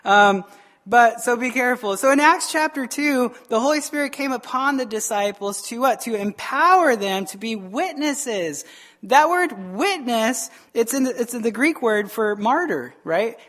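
A male pastor giving an animated, joking sermon in a church service, often asking the congregation questions. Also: extremely high pitch, a little slow.

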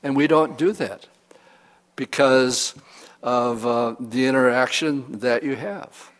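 A man's voice: mid-range voice, slow. A pastor preaching a sermon in a conversational, humorous way, acting out examples as he goes. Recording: reverberant hall.

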